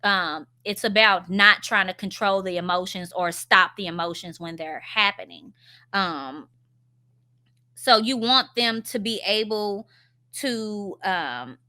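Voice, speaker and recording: A woman's voice: mid-range voice, slow pace, bright, forceful tone. A woman in her thirties hosting a parenting talk, speaking in an earnest, conversational way with many "you know"s and "um"s. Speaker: parenting channel host. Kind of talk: casual advice monologue.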